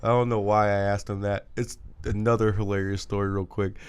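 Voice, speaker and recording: A man's voice: on the low side, level tone, fairly quick, clear, resonant tone. A man co-hosting a podcast, telling crude stories in a rambling, casual way. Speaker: podcast co-host. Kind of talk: casual storytelling chat.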